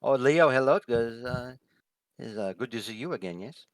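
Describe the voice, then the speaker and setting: A man's voice: medium pitch, expressive, normal speed, no room sound, pitched above the performer's own voice, natural voice. A man voicing a gracious, flirtatious woman who hosts a guarded estate, speaking formally and courteously. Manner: formal, courteous speech with polite questions.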